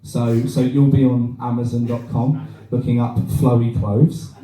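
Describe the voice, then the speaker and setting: A man's voice: medium pitch, level tone, measured pace, a crowd in the background. A man doing a crude, self-deprecating stand-up set, chatting with the audience in a small bar. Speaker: stand-up comedian. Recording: roomy live sound from a distant mic with audience laughter.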